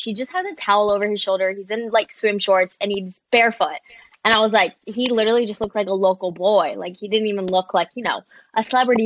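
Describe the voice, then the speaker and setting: A young woman, a social media creator and interview guest, chatting animatedly and full of "like"s. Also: medium pitch. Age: young adult. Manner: chatty and animated, many "like"s, quoting people. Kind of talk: casual storytelling in an interview.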